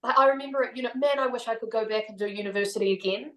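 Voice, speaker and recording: A woman's voice: on the high side, very fast. A woman in her thirties with a New Zealand accent, a podcast guest talking candidly and reflectively, laughing often. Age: 30s. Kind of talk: casual chat. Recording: roomy echo.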